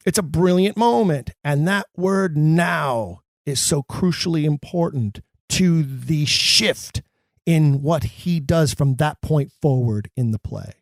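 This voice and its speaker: A man's voice: on the high side, slow pace, dry recording, clean studio sound. A man hosting a podcast, lecturing on how actors should deliver classic verse in an emphatic, theatrical manner. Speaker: podcast host. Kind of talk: scripted lecture on acting Shakespeare.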